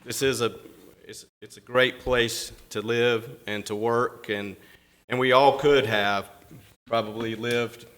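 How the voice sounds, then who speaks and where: A man's voice: medium pitch, steady tone, slow, few pauses, a bit bright. A man from North Carolina, a local official giving a folksy, self-deprecating speech at a council meeting.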